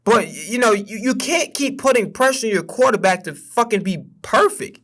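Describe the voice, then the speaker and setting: Young guy ranting about football on his stream, swears a lot, sharp bright voice. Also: high-pitched, expressive, normal speed. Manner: profane, heated ranting. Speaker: streamer and sports podcast host. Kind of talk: casual sports rant on a livestream.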